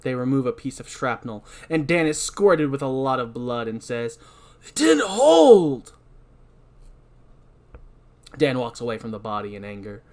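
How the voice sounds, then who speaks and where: A man's voice: mid-range voice, steady tone, a little fast, hardly any pauses. A man hosting a podcast, recapping a horror movie in a rambling, self-deprecating way. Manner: rambling, self-deprecating, breaks into shouted line readings. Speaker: podcast host.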